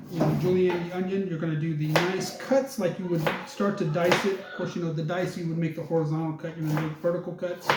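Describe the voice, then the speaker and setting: A man's voice: high-pitched, background noise. A man giving a casual cooking demonstration, chatting to viewers as he chops and preps. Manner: chatty, talks while working, addresses viewers as folks. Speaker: cooking instructor. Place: kitchen. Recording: echoey kitchen with loud clatter.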